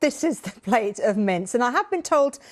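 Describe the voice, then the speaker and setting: A woman's voice: a little high, lively intonation, normal speed. A woman presenting live news in a studio, joking and playful with her colleagues between stories. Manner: playful, jokey asides to colleagues. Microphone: presenter's mic, earpiece in ear.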